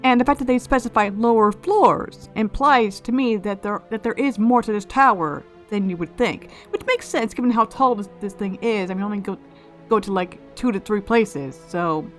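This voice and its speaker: A woman's voice: mid-range voice, normal speed, soft background music. A woman hosting a let's play, musing aloud and speculating in casual gameplay commentary, often restarting her phrases.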